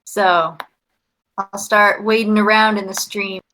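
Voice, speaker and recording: A woman's voice: mid-range voice, fairly even intonation, takes it slowly, a crowd in the background, rough recording. A woman playing in a tabletop role-playing game, chatting casually and laughing often. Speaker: player. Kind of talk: casual chat at a gaming table.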